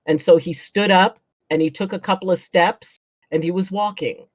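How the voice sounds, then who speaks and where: A woman's voice: on the low side, moderate pace, no echo. A woman, a chiropractor, guesting on a casual chat show and telling stories animatedly, acting out what people said and laughing often.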